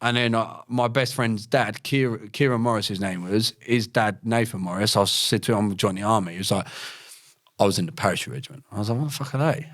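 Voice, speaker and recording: A young man, a former paratrooper and fighter, appears as a podcast guest and tells his life story in a casual interview, bluntly and slangily, with plenty of swearing. He has a lowish, fairly bright voice with fairly even intonation and a fairly quick pace.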